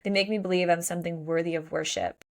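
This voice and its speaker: A woman reading a young heroine's lines from a novel aloud in a soft, hushed voice, close to her own low speaking voice. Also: steady tone, quick pace, natural voice. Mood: rapturous.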